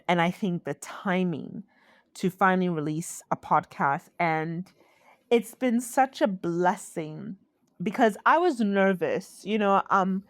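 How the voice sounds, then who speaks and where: A woman from Ghana hosting her own podcast, talking in a slow, heartfelt, reflective way. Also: mid-range voice, no room sound, clean studio sound. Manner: slow, heartfelt, with sighs and laughs. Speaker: podcast host. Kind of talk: reflective solo podcast talk.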